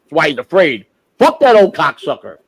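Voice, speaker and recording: A man's voice: fairly high pitch, big pitch swings, brisk, breathy edge, rough recording. Fired-up profane male streamer. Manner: profane, heated, swings from shouting to muttering. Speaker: livestream host. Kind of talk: unscripted livestream rant.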